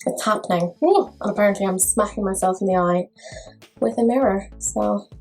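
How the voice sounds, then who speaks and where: A woman's voice: mid-range voice, moderate pace, darkish tone, faint music behind, low-quality recording. A woman chatting casually through a makeup review, full of self-mocking jokes. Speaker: makeup vlogger.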